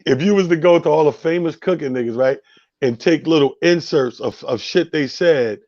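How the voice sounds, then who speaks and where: A man's voice: on the high side, moderate pace, darkish tone. A man hosting a casual chat, hyping up his guest and laughing easily. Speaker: host. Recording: dull lo-fi audio.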